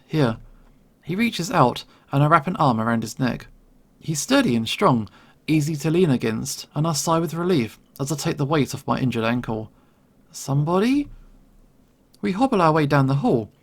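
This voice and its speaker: A man narrating a first-person game story in a tense, steady reading over soft background music. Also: mid-range voice. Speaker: gamer reading a visual novel.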